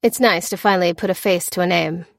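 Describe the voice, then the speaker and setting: A woman's voice: lowish voice, quick pace, gravelly, no echo, studio quality. A woman voicing a polite, somewhat hesitant female botanist and officer. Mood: earnest.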